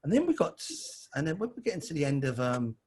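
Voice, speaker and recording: Husky bloke chatting away as a guest, calls everyone mate. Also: male voice, fairly high pitch, sing-song, quick pace, darkish tone. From London. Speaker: interview guest. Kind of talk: casual storytelling.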